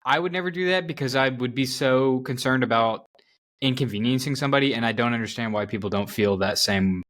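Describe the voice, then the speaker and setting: A man's voice: mid-range voice, brisk, a bit bright. A man in his late twenties co-hosting a podcast, giving reasoned, earnest opinions in casual chat. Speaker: podcast co-host.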